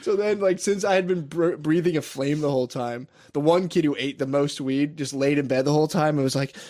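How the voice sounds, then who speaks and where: A man's voice: a little high, fairly quick, dark tone. A young man telling a wild story in casual, profane chat, laughing often.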